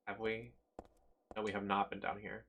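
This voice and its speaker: A man in the middle of a live gameplay stream, talking to his viewers as he plays. His voice has a bright, forceful edge, and he fusses anxiously, swinging into dramatic outbursts whenever he gets lost or pulls something off. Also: lowish voice, completely flat delivery, normal speed, slight background noise.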